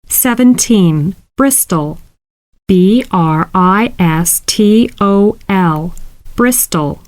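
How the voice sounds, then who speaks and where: A woman reads out a classroom listening drill, spelling each word letter by letter. She takes it slowly, with a close, dry sound and no room around her. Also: mid-range voice, animated, dry recording. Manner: slow, clearly spelled-out dictation. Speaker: lesson reader. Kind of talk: scripted listening exercise reading.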